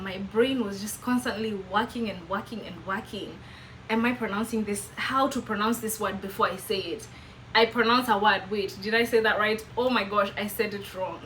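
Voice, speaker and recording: A young Kenyan woman with a Meru accent, whose first language is Kimeru, chatting casually to camera in an animated way and laughing often. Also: mid-range voice, slight background noise, poor audio. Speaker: vlogger.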